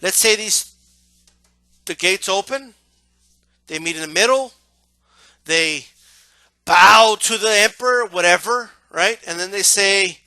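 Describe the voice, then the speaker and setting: A man giving a casual, animated monologue about how he watches boxing, often asking "right?". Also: high-pitched, slow, long pauses, no room sound. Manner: animated, acts out yelling crowd members, repeats "right?". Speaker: boxing commentator.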